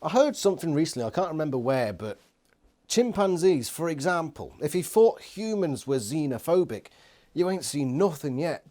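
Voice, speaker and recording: A man's voice: on the high side, sing-song, normal speed, mellow. A man giving an exasperated, sweary, sarcastic book review rant. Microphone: phone nearby.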